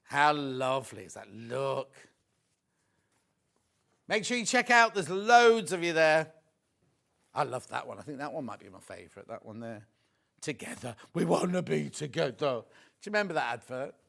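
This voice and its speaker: A man presenting a live TV shopping demo, chatty and excitable, gushing over the products and chatting with viewers and crew. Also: medium pitch, moderate pace, gravelly, pauses often.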